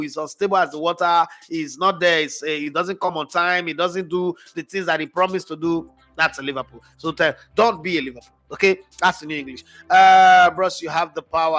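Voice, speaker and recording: A middle-aged Nigerian man hosting a football stream, chatting casually and reading out viewer comments in an animated way. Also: on the high side. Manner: animated, chatty, jumps between loud and soft. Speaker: football show host.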